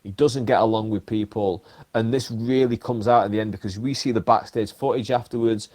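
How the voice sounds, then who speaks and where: A man hosting a podcast, telling stories in an animated, emphatic way and throwing in the odd swear word. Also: on the low side, a little fast. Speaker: podcast host. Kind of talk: casual chat.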